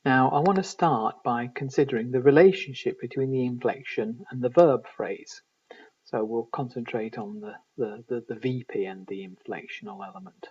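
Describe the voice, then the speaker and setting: A man giving a recorded university lecture in linguistics, measured and explanatory, often pausing to find his words. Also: medium pitch, a little mellow, slightly rough. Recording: distant, dull lo-fi recording.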